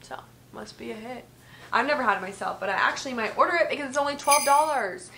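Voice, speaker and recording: Speaking fast in a high-pitched, pushed and bright voice, a young vlogger in her twenties runs through a gift guide from her bedroom, filling her talk with "like." The vlog camera picks up slight background noise.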